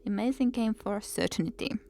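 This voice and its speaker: A woman's voice: mid-range voice, moderate pace, dark tone. A woman streaming a game, chatting casually and reading game text aloud. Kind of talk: casual gameplay commentary.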